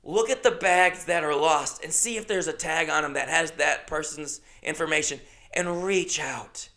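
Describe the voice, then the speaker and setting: A man telling a story as a comedy podcast host, profane and exasperated, swinging from low mutters to shouting. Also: moderate pace, vocal fry. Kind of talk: ranting storytelling monologue.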